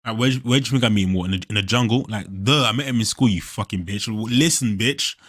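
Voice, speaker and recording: A young man hosting a movie reaction, animated and profane, laughing often as he talks. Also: on the low side, fast, slightly rough. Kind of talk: casual reaction commentary.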